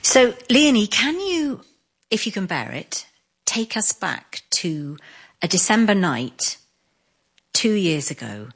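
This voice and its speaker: A woman presenting and interviewing, asking gentle, probing questions. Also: medium pitch, sing-song, slow, breathy edge. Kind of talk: radio-style presenting and interviewing.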